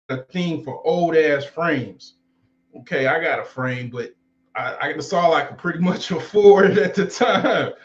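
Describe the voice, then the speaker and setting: A man in his forties telling stories casually in a loose, rambling and profane way. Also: medium pitch. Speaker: vlogger. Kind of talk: casual storytelling. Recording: roomy, slightly dull recording.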